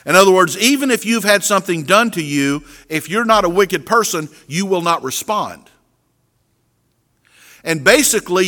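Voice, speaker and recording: A high, bright male voice belongs to a middle-aged pastor delivering an earnest sermon. He keeps doubling back on words as he restarts his sentences. His voice rings out with a long reverb from a large hall.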